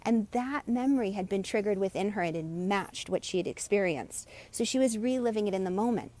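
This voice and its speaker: A middle-aged meditation coach speaks to a live-streamed audience in a mellow, medium-pitched voice that's animated and fairly quick. Her guided meditation talk is encouraging, and she acts out the voices of people in her stories.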